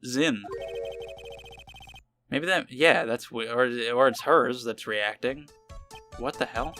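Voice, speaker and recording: A man giving casual commentary over a game, full of crude jokes and offhand asides. His voice is bright and clear, pitched at an ordinary middle. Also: slow pace, long pauses, faint music behind. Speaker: let's player.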